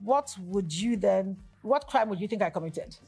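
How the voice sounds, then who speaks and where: A woman's voice: mid-range voice, expressive, normal speed, warm tone, husky, soft background music. A middle-aged woman with a Nigerian accent, talking casually as a guest and mentor. She is emphatic and repeats words for stress. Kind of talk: casual conversation.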